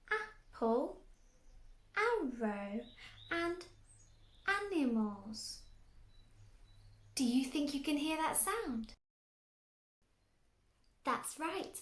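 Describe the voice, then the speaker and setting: Woman, young adult, children's phonics teacher, high voice, echoey room, sing-song. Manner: slow, exaggerated and encouraging, with many questions and praise. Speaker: early years phonics teacher.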